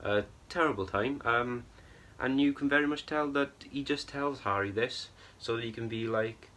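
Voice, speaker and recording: A man's voice: medium pitch, normal speed, few pauses, pushed and bright. A young man giving a casual, exasperated film review, rambling and tagging his points with "right?" and "bro". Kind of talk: ranting film review vlog.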